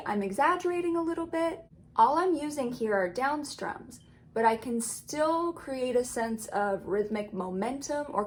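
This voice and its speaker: A woman's voice: fairly high pitch, a little hiss or hum. A woman teaching ukulele in a casual, friendly tutorial, explaining rhythm and counting beats aloud. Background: ukulele strumming.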